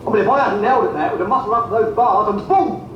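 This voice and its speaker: Brief: a man as a high, sing-song, shifty shopkeeper, heard from afar in a very echoey room. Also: racing, a little hiss or hum, close to an everyday voice. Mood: evasive. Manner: evasive, hesitant, shifty excuses. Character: evasive male shopkeeper who denies everything. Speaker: pet shop owner in a comedy sketch. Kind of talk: sketch comedy acting. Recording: echoey, distant, dull clip from speakers.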